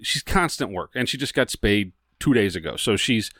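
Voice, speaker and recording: Guy cracking crude jokes on a podcast, pitch bouncing around, dead dry mic. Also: lively intonation, moderate pace, a bit bright, no echo. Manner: joking, profane banter. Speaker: podcast co-host. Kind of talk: casual chat.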